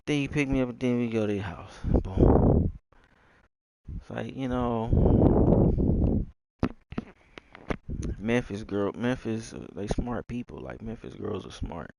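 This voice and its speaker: Gravelly-voiced Texan man rambling. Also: lowish voice, animated, slow, long pauses, very noisy. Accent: Southern US, Texas. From Texas. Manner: slangy, drawling, jumps between topics. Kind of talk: rambling casual monologue.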